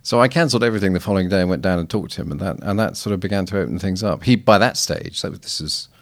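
Man, low voice, podcast guest, thoughtful and anecdotal, restarts often. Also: quick pace. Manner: reflective, anecdotal, frequent restarts. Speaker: guest missiologist. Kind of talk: casual podcast conversation.

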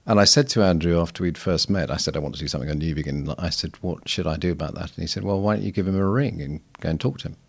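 Deep-voiced reflective man. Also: very fast, creaky, few pauses, breathy edge. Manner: reflective, anecdotal, frequent restarts. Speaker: guest missiologist. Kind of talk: casual podcast conversation.

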